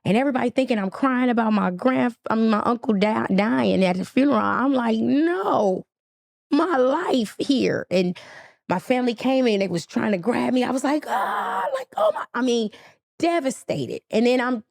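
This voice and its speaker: A woman with a gravelly, fry-edged voice, speaking as a podcast guest. She tells a painful personal story with feeling and acts out the quoted dialogue with a lot of life. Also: fairly high pitch, animated, fairly quick, dry recording, clean studio sound.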